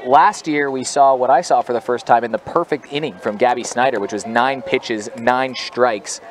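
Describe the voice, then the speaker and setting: A man calls live softball play-by-play in a chatty, upbeat way, trading jokes with his co-hosts. His voice sits at an ordinary mid pitch. Faint outdoor ambience hums behind him. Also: a little hiss or hum. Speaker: play-by-play commentator. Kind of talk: live sports commentary.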